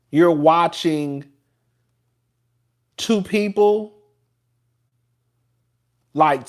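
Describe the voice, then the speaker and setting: A man hosting a casual live stream. He rambles, talks with sass and laughs often as he chats with his viewers. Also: sits high. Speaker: show host reviewing TV.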